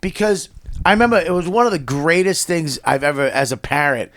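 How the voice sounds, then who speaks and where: Brief: Boston man, middle-aged, comedian guest, fairly high voice, profane animated storyteller in a studio podcast chat. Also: brisk, no echo. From Boston area. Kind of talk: casual chat.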